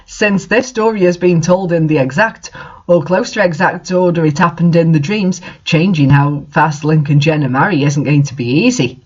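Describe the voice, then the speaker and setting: A reader giving a mock-dramatic reading of an author's note, theatrical, with sudden shouted outbursts. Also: mid-range voice, moderate pace, slightly rough, highs cut off. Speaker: reader of fan fiction.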